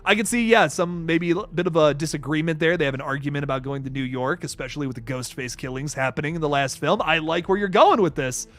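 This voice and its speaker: A man's voice: a little high, fast, few pauses, a bit bright, faint music behind. A young man hosting a casual live stream, reading viewer messages, laughing often and swearing casually. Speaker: livestream host reading super chats.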